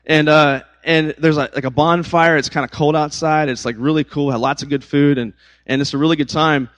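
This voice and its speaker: A man's voice: on the high side, fairly even intonation, fairly quick, a bit bright, low-quality recording. A young man leading a casual Bible lesson as a youth pastor, telling stories conversationally with many fillers. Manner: conversational, storytelling, uses filler words.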